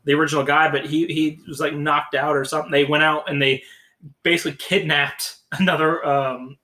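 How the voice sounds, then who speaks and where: Man co-hosting a podcast, bright voice, lively storytelling style, fairly high pitch. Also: a little fast, low-quality recording. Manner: animated storyteller, acts out quotes. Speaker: podcast co-host. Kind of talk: casual chat.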